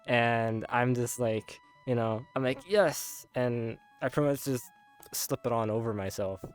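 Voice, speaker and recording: A man's voice: mid-range voice, steady tone, moderate pace, clear, resonant tone, faint music behind. A young man casually retelling a dream, rambling with many filler words and frequent laughs. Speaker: content creator.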